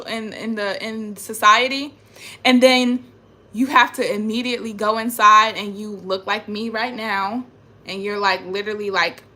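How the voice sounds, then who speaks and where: A young adult woman vlogs from home indoors into a phone camera, ranting in an emphatic, repetitive and frustrated way about spiritual matters. Her mid-range voice has a sharp tone, and there is a little hiss or hum in the recording.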